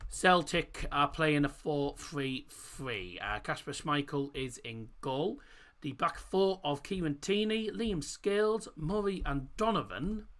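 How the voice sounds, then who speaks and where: A man's voice: on the high side, expressive, takes it slowly, a bit bright. A man hosting a live football watchalong, chatting casually with corny jokes and stopping to correct how he says player names. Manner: chatty and jokey, corny puns, stumbles over player names and corrects himself. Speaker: host of a football watchalong stream. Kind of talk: casual live-stream chat. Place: room at home, indoors.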